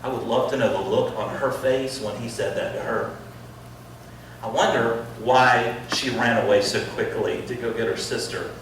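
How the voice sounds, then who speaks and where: A middle-aged man preaching in a school chapel, acting out quoted voices and swinging from loud to hushed. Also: medium pitch, fairly even intonation, moderate pace, a little hiss or hum. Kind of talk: sermon. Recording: echoey hall voice from far off.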